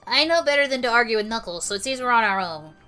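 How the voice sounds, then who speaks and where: A woman reading a quiet, thoughtful young male detective in a soft, lowered voice. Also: expressive, fast talker, soft background music. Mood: pondering.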